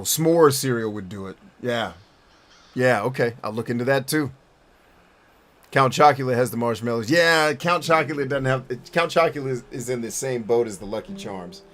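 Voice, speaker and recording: A man's voice: mid-range voice, moderate pace, fairly bright tone. A man streaming a game and answering his chat in a blunt, profane, rambling way, often restarting his sentences. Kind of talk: casual chat while gaming.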